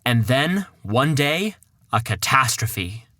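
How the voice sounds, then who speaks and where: A man's voice: mid-range voice, sing-song, slow, bright, forceful tone, no echo, studio quality. A man narrating a fairy tale in a chatty, playful way for a storybook podcast.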